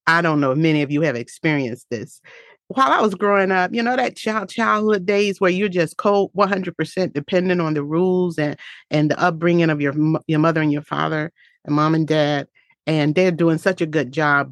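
A woman's voice: on the low side, dry recording, studio quality. A woman giving a heartfelt, faith-filled motivational talk in an earnest, reflective way.

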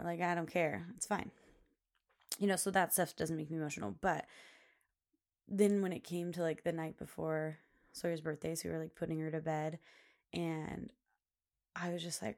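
A woman's voice: sits low, moderate pace, gravelly. A woman in her late twenties hosting a solo podcast about motherhood, talking in a chatty, rambling way full of "like" fillers. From Pacific Northwest US. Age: 20s. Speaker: podcast host. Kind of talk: casual solo podcast chat.

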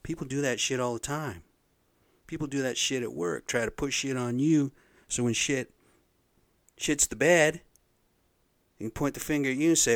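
A man's voice: mid-range voice, normal speed, pauses often, dry recording, studio quality. Profane, blunt man ranting. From Pacific Northwest of the US. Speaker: podcast host. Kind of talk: casual rant monologue.

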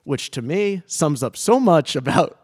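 A man co-hosting a podcast in casual chat, animated and quick to laugh. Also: on the high side, husky, dry recording, studio quality. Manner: animated, laughs often, restarts words. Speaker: podcast co-host.

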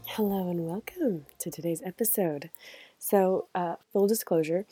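A woman's voice: fairly low pitch, a little slow, dark tone, faint music behind. A woman hosting a podcast in a casual, rambling, reflective monologue, often laughing, recorded on AirPods at a cabin. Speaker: podcast host. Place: family cabin.

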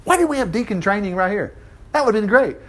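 A man's voice: high voice, fast. A man preaching a sermon, reading scripture aloud and stopping to comment on it. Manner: animated, reads verses and breaks in with asides. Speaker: Baptist preacher.

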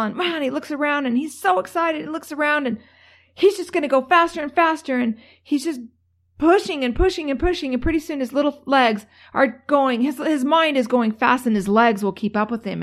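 A woman's voice: medium pitch, creaky. A woman giving a motivational talk, telling stories in a chatty way full of fillers and restarts. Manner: chatty, many fillers and restarts, lively when telling a story. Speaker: motivational speaker.

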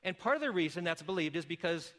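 A middle-aged man preaching a sermon, explaining calmly and then rising to loud, emphatic calls. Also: fairly high pitch, quick pace. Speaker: pastor.

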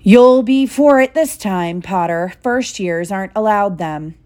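A woman's voice: on the high side, moderate pace, a little mellow, voice pushed up, natural voice. A woman reading aloud and voicing a spiteful, sneering schoolboy rival in a raised voice. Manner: sneering, snapping.

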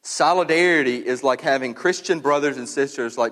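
A man preaching a sermon in a relaxed, conversational way, with casual slang and lively emphasis. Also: mid-range voice, a little fast, few pauses. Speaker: pastor. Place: church sanctuary. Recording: long reverb of a church hall.

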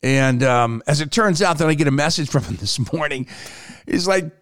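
A man hosting his own podcast talks in a relaxed, rambling way, his voice sitting a little high and bouncing up and down as he tells a story. The sound is dry and close, with no room behind it. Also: dry recording. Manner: animated storytelling, quick pitch swings. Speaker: podcast host. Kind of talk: casual solo podcast talk.

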